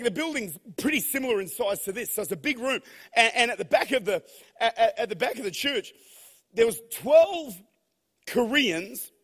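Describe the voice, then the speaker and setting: High-voiced preacher in an echoing hall. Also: male voice. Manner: animated storyteller who swings from hushed to shouting. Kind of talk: sermon. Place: large church hall. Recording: long hall reverb.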